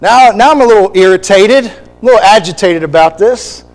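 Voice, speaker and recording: A man preaching a sermon, animated and acting out quoted voices, with short laughs between points. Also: sits high, brisk, faint music behind, poor audio.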